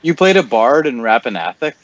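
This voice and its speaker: A man chatting casually as a tabletop game player, joking in a low-key way. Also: sing-song, brisk, lo-fi sound, a loud crowd. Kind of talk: casual banter between players.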